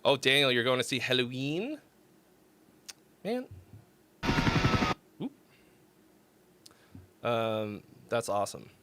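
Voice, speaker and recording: Lively bright-voiced man ranting on stream. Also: mid-range voice, slow, long pauses, smooth. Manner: rambling, laughing, thinks aloud with fillers. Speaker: host. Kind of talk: casual livestream chat.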